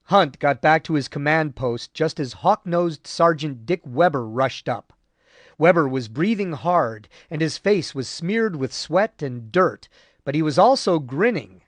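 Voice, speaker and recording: A man narrating a war history audiobook in a measured, grave way. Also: fairly high pitch, lively intonation, dry recording. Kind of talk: scripted narration.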